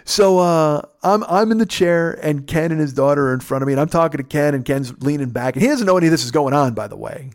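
A man with a slightly high voice tells a story in an animated, profane way. He swears freely and bounces between his own voice and sharp, high mimicry of others. The sound is dry and close. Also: fast talker, few pauses, no room sound. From United States. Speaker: podcast host. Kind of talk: casual storytelling.

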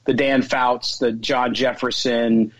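A man's voice: medium pitch, level tone, slow, a bit bright, no echo, low-quality recording. A man from the Chicago area, a sports podcast guest, telling his background with some restarts. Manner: fluent storytelling with some restarts. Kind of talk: casual interview talk.

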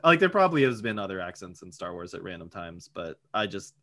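A man, co-hosting a casual podcast, rambling and joking with quick asides. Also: low voice, very animated, a bit bright. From Boston area. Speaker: podcast co-host.

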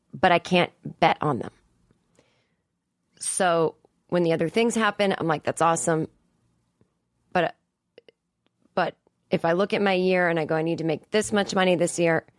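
A woman's voice: fairly low pitch, a little slow, pauses often, dry recording. A woman in her forties from the Boston area, ranting casually and profanely as a comedian hosting her own podcast from a studio. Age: 40s. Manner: profane, exasperated rant with frequent emphatic rises. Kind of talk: casual monologue. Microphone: studio mic.

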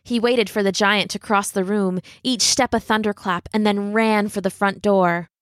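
Female narrator for a fairy-tale read-aloud, mid-pitched, expressive, close and dry sound. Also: no room sound. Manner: expressive, dramatic slowing at tense moments. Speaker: storyteller.

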